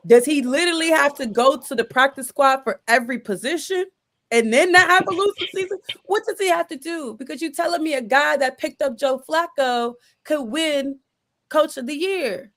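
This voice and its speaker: A woman's voice: high voice, normal speed, a bit bright. A woman hosting a casual sports chat, talking emphatically with frequent restarts and repeated exasperated questions. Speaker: sports podcast host.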